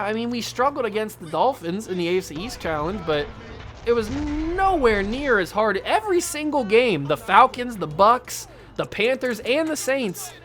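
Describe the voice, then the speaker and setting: A young adult host talks through a football video game in a running, exasperated commentary, venting as the plays go wrong. The voice sits at an ordinary middle pitch. Faint game music plays underneath. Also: a bit bright. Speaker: channel host.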